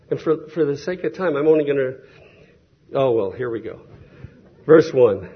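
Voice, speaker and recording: Husky man preaching a conversational sermon. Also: medium pitch, expressive, moderate pace, pauses often, dull audio. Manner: conversational, storytelling with quoted voices.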